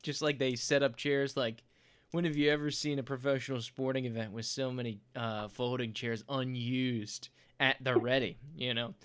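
A man's voice: mid-range voice, steady tone, moderate pace, a bit bright, clean tone, no room sound. A man co-hosting a casual chat podcast, rambling through stories and laughing often. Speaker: podcast co-host.

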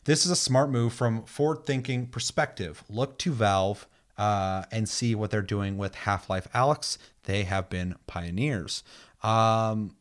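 Animated swearing man ranting casually. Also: lowish voice, unhurried. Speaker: podcast host. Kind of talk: casual chat.

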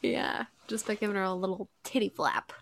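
A woman's voice: mid-range voice, brisk, no echo. A woman in her thirties co-hosting a podcast in casual, giggly chat, telling stories with lots of laughter over a remote call. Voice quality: giggly, lively storyteller. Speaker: podcast co-host.

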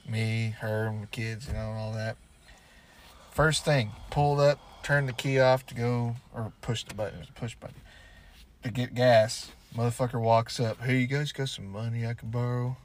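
A man's voice: medium pitch, steady tone, normal speed, a little hiss or hum. A man co-hosting a podcast, chatting casually and telling loose, profane stories, with now and then a goofy voice. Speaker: podcast co-host. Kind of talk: casual chat.

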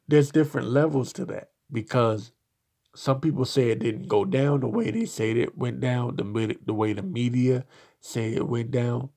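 Male solo commentator, gravelly, slow, blunt and profane. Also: medium pitch, darkish tone. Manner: slow, halting delivery with repeated restarts. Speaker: podcast commentator.

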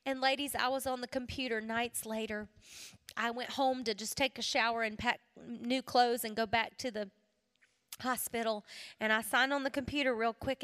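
A middle-aged woman giving a personal testimony sermon to a women's gathering, telling her story earnestly and dropping to a hush for emphasis. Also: a little high. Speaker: women's ministry speaker. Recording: long hall reverb.

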